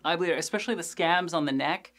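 A young man hosting a podcast, recapping an episode in a casual, animated, jokey way with crude asides and lots of fillers. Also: on the high side, fast. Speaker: podcast host reviewing a TV episode.

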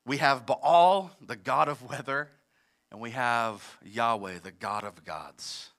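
A man preaching a sermon as pastor, moving between forceful emphatic passages and conversational asides. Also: medium pitch, slow pace, creaky. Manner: preaches with rising intensity, mixes emphatic and conversational. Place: church service in a large theater.

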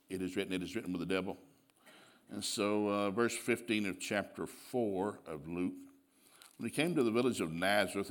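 A male preacher giving a sermon with animated storytelling, laughing often and acting out dialogue. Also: fairly low pitch.

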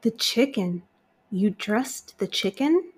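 A woman's voice: medium pitch, lively intonation, takes it slowly, breathy edge. A woman voicing a flustered, proper lady of the house in a storybook reading, with exasperated exclamations.

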